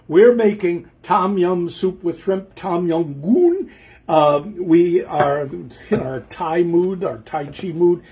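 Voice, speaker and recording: A man's voice: on the high side, warm tone. Rambling man cooking in a kitchen. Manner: rambling, talks to himself while cooking, forgets steps. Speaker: home cook hosting a cooking show. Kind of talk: casual cooking demonstration. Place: home kitchen.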